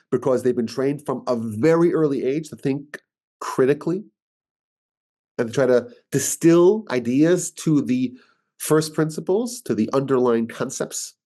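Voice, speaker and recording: A man's voice: mid-range voice, warm tone. A man with a New York accent, a rabbi giving an informal, argumentative teaching talk and often repeating words as he thinks.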